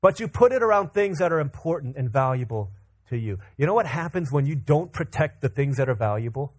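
A man preaching a sermon, telling a family story in an animated way, acting out quotes and laughing often. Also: mid-range voice. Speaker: pastor. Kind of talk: sermon with personal stories.

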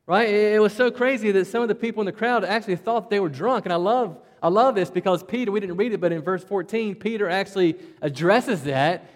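Folksy Southwest Virginia country preacher. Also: male voice, high voice, fairly quick, hardly any pauses, long reverb tail. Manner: folksy, conversational preaching, often says "man" and "right?". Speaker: pastor. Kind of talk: sermon.

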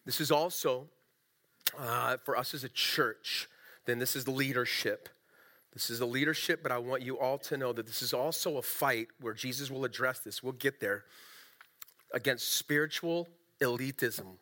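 A middle-aged man preaching a sermon as a pastor, in a conversational, animated and self-deprecating way. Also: mid-range voice, moderate pace.

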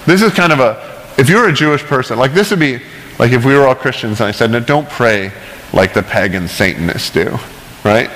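A man's voice: mid-range voice, fairly bright tone, big-room sound, rough recording. A male pastor preaching a casual, conversational sermon with chatty, self-deprecating asides and frequent "right?" checks.

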